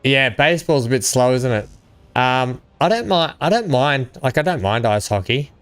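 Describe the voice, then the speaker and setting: Chatty Australian man with smooth voice. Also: mid-range voice, expressive, moderate pace, fairly bright tone, dry recording, faint music behind. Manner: chatty, rambling, enthusiastic. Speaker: gaming channel host. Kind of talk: casual gameplay chat.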